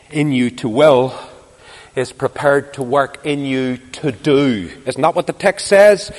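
A man's voice: on the high side, a little mellow, long reverb tail. A man preaching an impassioned sermon, full of rhetorical questions and repeated phrases.

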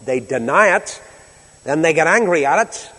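A man preaching a sermon, reading scripture in old English and dropping to a slow, hushed emphasis. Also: fairly high pitch, lively intonation. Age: over 60. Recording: long hall reverb.

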